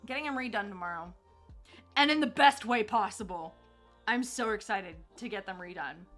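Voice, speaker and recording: A woman's voice: mid-range voice, lively intonation, normal speed, fairly bright tone, soft background music. A young woman chatting to her viewers on a live stream, bubbly and gushing, laughing often.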